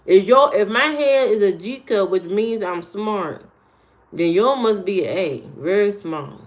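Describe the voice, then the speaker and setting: A woman's voice: mid-range voice, expressive, a little slow. A woman live streamer chatting casually with her viewers, answering their comments with sass. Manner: sassy, talks back at trolls.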